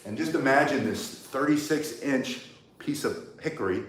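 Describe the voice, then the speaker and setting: A man's voice: mid-range voice, normal speed, a little hiss or hum. An older man teaching cane self-defense outdoors, blunt and rambling, with joking asides. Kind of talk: live outdoor workout lesson. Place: outdoors in the sun. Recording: roomy echo, mic set at a distance.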